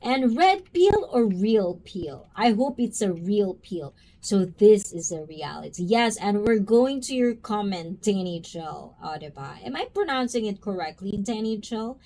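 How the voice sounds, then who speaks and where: A woman's voice: medium pitch, expressive, a little slow, few pauses, dark tone, slight background noise. A woman hosting a casual livestream, chatting with viewers and calling them by name. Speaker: livestream host reacting to chat.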